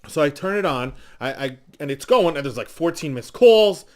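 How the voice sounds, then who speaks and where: A man with a notably high voice rambles through a comic story in casual chat. He swears freely and laughs as he goes. He sounds like one of the hosts of a loose talk show. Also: animated, moderate pace. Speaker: show co-host.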